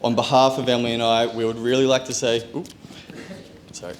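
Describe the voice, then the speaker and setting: A man's voice: medium pitch, level tone, brisk, reverberant, a little hiss or hum. A young man, the groom, opening his wedding speech with a joke in a slightly nervous way. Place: wedding reception hall.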